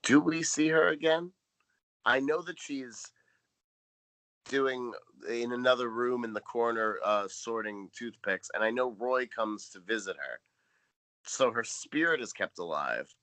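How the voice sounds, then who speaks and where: Dry, crisp-voiced man podcaster. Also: mid-range voice, a little slow, no room sound. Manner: dry, wry storytelling, deadpan jokes. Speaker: podcast co-host. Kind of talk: casual recap chat.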